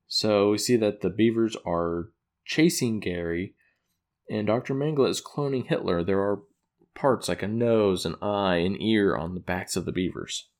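Lower-voiced man casually recapping a plot. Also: normal speed, darkish tone. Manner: rambling, self-correcting, chuckles at own retelling. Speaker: episode recapper.

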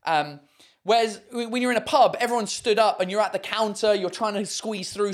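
A man's voice: high-pitched, moderate pace. A man hosting a casual livestream chat, rambling with many fillers and swearing freely. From United Kingdom. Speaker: host.

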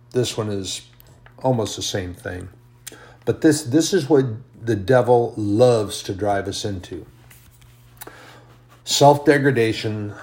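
A man's voice: lowish voice, gravelly. A man preaching a sermon in an earnest, emphatic way, rising and falling in volume.

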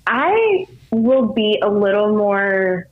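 A woman's voice: mid-range voice, very animated, slow. A middle-aged woman, a podcast guest, chatting casually with many filler words. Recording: tinny phone-line sound.

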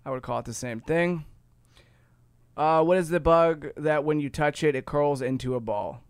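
A man's voice: a little high, moderate pace, clear, resonant tone, no echo. A man from Ohio with a Midwestern accent, co-hosting a casual chat and explaining things in a rambling, self-correcting way. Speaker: podcast co-host.

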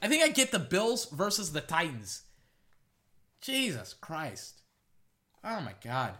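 Young man, casual sports rant, bright, raised voice, exasperated. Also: normal speed. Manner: exasperated, ranting, lively swings in pitch. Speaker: sports podcaster giving picks. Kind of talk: casual solo commentary. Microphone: echoey metal can around the mic.

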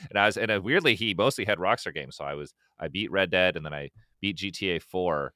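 A man's voice: low-pitched, expressive, fast, sharp tone, no echo, studio quality. A young man, a musician guest, chatting casually on a podcast, rambling with restarts and swearing. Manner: rambling, profane, many restarts and acted-out quotes.

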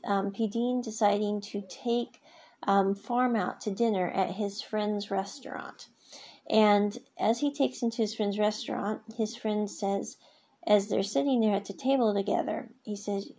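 A woman casually reviewing a drama episode, retelling scenes in a chatty way with many asides, her voice a little husky. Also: mid-range voice, unhurried, warm tone. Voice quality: husky, gravelly.

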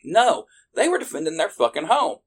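A man's voice: a little high, huge pitch swings, moderate pace, slightly rough. A man hosting a podcast, delivering an angry political rant full of profanity and heated bursts. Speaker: podcast host.

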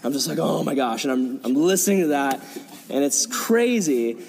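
A young man, a youth pastor, telling a story in a sermon, animated and acting out quotes with casual fillers, in a large hall before an audience. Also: fairly high pitch, moderate pace, a little hiss or hum. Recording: long reverb in a hall.

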